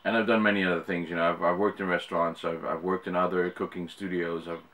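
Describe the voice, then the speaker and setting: A fast-talking middle-aged YouTuber from the Netherlands rambles to camera in English with an American-sounding accent, full of fillers and restarts. His voice is low and a bit bright, with little pitch movement.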